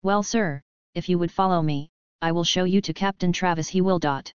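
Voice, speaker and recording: A woman's voice: on the low side, moderate pace, smooth, dry recording, natural voice. A woman voicing a nervous, eager-to-please male bank head who fawns and apologizes, in a dry, dull lo-fi recording. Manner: fawning and apologetic.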